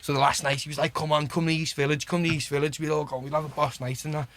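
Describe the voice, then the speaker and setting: A man's voice: a little high, level tone, fast, a bit bright. Chatty Liverpool man telling stories. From Liverpool, England. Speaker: podcast guest, singer. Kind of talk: casual storytelling chat.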